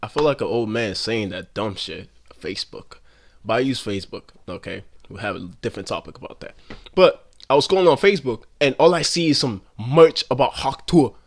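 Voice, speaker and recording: A man's voice: mid-range voice, expressive, brisk. A young man giving a casual, rambling commentary rant full of slang and swearing.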